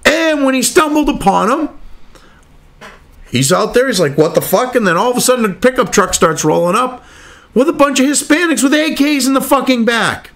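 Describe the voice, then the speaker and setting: A man's voice: very high-pitched, animated, moderate pace, fairly bright tone. Angry, profane man ranting in reply to the news. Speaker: political commentary host.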